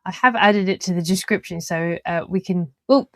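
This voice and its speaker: A woman's voice: fairly low pitch, moderate pace, a bit bright, no room sound. A woman hosting a casual interview, talking in meandering, trailing sentences with frequent fillers and easy laughs. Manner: laughs easily while talking. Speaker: podcast host.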